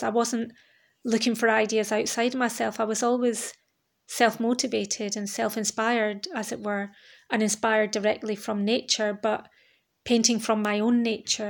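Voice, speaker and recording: A woman's voice: on the high side, vocal fry. A woman, talking alone on her podcast in a candid, rambling, reflective way, swearing now and then. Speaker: podcast host. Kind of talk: reflective solo podcast monologue.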